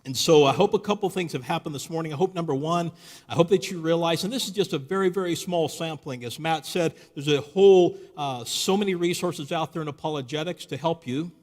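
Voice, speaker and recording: A man's voice: on the high side, a little fast. A man giving a live Christian apologetics talk to an audience, telling a story and posing rhetorical questions. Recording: live hall recording with long reverb.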